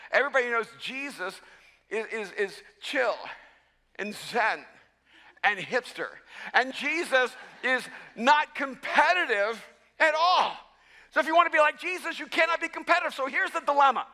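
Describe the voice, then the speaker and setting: An extremely high, bright, forceful voice belongs to a pastor in his fifties or older. He preaches a sermon in a large church auditorium, telling stories with self-deprecating humor and often restarting. The long reverb of the big hall fills the recording.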